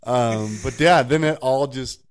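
A man's voice: mid-range voice, measured pace. A man co-hosting a casual faith podcast, rambling through personal stories and laughing often. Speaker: podcast co-host.

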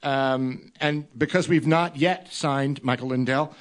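A man's voice: medium pitch, fairly even intonation, a little slow. A man hosting a comedy podcast, rambling with laughing asides and fillers. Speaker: host.

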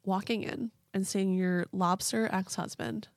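A woman co-hosting a casual chat, telling a true story in an animated way and swearing now and then. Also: mid-range voice, measured pace, no echo, studio quality. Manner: chatty, animated, swears casually, puts on voices for people in the story.

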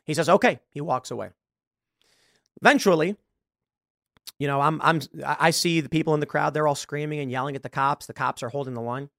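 A man's voice: fairly high pitch, brisk, vocal fry, long pauses, fairly bright tone, no room sound. Man telling a story on a podcast, dry sound. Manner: storytelling, acts out dialogue. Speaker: show host. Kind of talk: podcast monologue.

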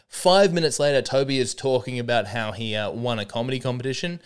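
A man around thirty with an Australian accent, a comedian hosting a podcast, telling stories in a rambling, animated way with lots of restarts. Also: medium pitch, brisk, few pauses, clean tone. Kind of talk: casual comedic monologue.

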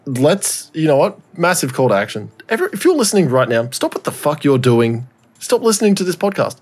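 A man's voice: a little high, sing-song, brisk, slightly rough, soft background music. A man co-hosting a podcast in casual chat, rambling and swearing, with lots of fillers. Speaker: podcast co-host.

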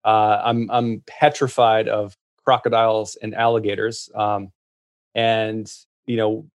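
A man telling travel stories as a guest in casual chat, restarting often and getting lively in the punchlines. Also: lowish voice, measured pace, highs cut off. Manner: animated storyteller, many restarts.

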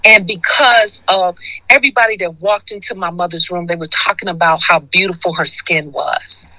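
A woman's voice: fairly low pitch, fairly even intonation, moderate pace, pushed and bright, no echo, low-quality recording. A woman in her sixties from Detroit, telling her story as a guest in a casual interview and acting out the voices she quotes. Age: 60s. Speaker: guest, skincare founder.

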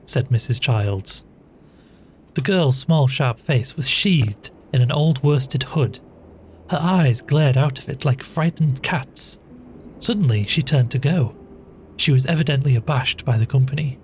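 A man reading a classic story aloud as storyteller, in a measured, steady manner. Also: mid-range voice. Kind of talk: scripted narration of a classic story. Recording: faint background music.

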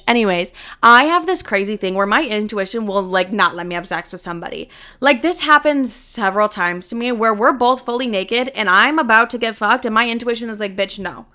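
A woman hosts her own podcast in a bright, clear voice, speaking frankly and with plenty of swearing. She jumps between casual chatter and acting out her own side of conversations. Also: on the high side, normal speed. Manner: candid, profane, animated, acts out her own quoted lines. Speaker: podcast host.

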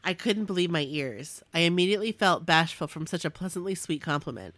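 A woman's voice: on the low side, animated, brisk, a bit bright, no echo. A young woman reading her own emotional fan story aloud, earnest, with asides and restarts. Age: young adult.

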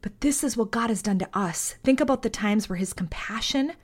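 Speaking briskly in a slightly high voice, this woman hosts a faith podcast. She reads scripture and prays aloud, keeping an earnest, heartfelt, conversational tone.

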